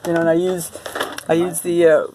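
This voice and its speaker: A woman's voice: on the low side, flat delivery, fairly quick, warm tone, low-quality recording. Rambling woman with fiddle music behind. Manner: rambling, chatty, many fillers and restarts. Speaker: artist showing her home studio. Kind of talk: casual vlog chat and home tour. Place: home, walking from room to room and into a kitchen. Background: Cajun fiddle music playing from a computer.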